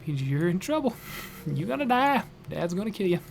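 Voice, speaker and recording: A man's voice: high voice, very animated, normal speed, vocal fry, a little hiss or hum, voice pushed up, exaggerated voice. A man doing a teasing younger brother. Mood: taunting.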